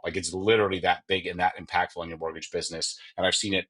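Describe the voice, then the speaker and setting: Fast-talking, low-voiced husky man. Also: poor audio. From Canada. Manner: energetic, emphatic, storytelling with quoted dialogue. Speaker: podcast host and mortgage coach. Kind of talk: motivational solo podcast talk.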